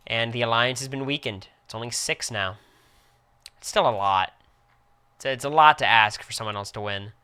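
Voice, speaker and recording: Bright, reactive young male streamer. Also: medium pitch, smooth. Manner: quick, reactive play-by-play with excited outbursts. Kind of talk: casual live-stream commentary.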